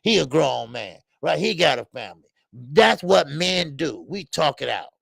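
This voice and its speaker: A man's voice: on the high side, measured pace, vocal fry, no room sound, studio quality. A man hosting a live boxing talk show, speaking casually with lots of slang and filler words and greeting chat viewers by name. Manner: animated and emphatic, street slang, many fillers.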